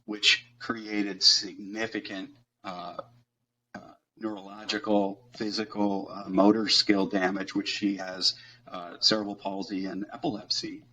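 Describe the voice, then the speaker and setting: A middle-aged man telling a personal story as a podcast guest, earnest and halting, with frequent fillers. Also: lowish voice, level tone, pushed and bright, dull audio, a little hiss or hum.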